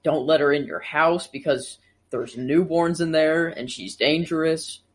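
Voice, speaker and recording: A man with a fairly high voice chats on a casual pop-culture podcast. He floats his ideas tentatively and keeps hedging them with "I don't know". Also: a little slow. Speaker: podcast co-host.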